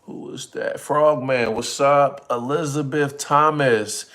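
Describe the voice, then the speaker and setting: Slow, laid-back man chatting on a livestream. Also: medium pitch, fairly even intonation, fairly bright tone, echoey room. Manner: laid-back, chatty, talks to viewers in chat. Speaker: livestream host. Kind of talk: casual livestream chat. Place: home kitchen.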